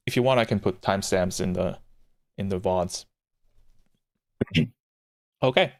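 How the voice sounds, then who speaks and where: Man from Germany, low voice, rambling stream commentary, reads game text aloud, chats with viewers. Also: unhurried. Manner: rambling and chatty, answering chat, with excited jumps in pitch. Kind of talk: casual livestream commentary reading a visual novel aloud.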